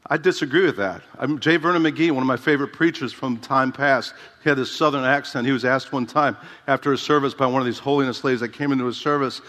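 A man's voice: mid-range voice, fast, few pauses, a bit bright. A man preaching a sermon as a pastor, emphatic and conversational, often asking the congregation rhetorical questions. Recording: reverberant hall.

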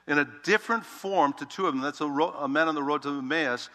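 A male pastor preaching a sermon, telling the story with animated emphasis that swings between loud, urgent lines and hushed, quiet ones. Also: on the high side, quick pace. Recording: long reverb of a large hall.

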